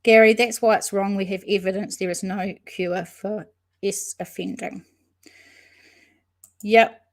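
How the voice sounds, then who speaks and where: Hosting a relaxed true-crime livestream, a woman reads viewer comments aloud and greets chatters by name. She thinks aloud in an unhurried, ordinary middle-pitched voice, hesitating with frequent ums and restarting her sentences.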